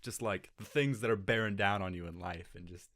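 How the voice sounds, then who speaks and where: A man's voice: lowish voice, a little fast, a bit bright. A man hosting a casual podcast chat, laughing often between his lines. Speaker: podcast host.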